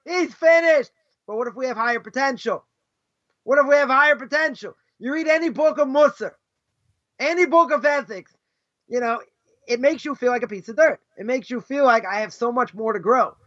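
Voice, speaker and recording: A man's voice: very high-pitched, a bit bright. A man, a rabbi, giving a conversational Torah class, often tagging his points with "right?" and acting out what other people might say. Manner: conversational, keeps asking "right?"; acts out imagined speakers mid-lecture. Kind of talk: informal Torah lesson. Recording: dull lo-fi live stream.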